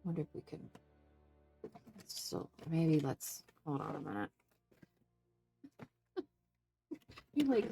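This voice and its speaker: A woman with a gravelly voice chats her way through an art journaling session. She thinks out loud and second-guesses her choices as she talks to her viewers. Soft music plays faintly behind her. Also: deep voice, huge pitch swings, slow, pauses often. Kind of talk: casual crafting tutorial chat.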